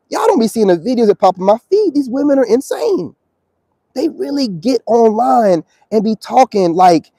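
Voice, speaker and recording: High-voiced, dark-toned ranting man. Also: dry recording, low-quality recording. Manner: preachy, confrontational, slangy. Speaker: self-styled spiritual commentator. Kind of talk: ranting monologue to camera. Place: outdoors.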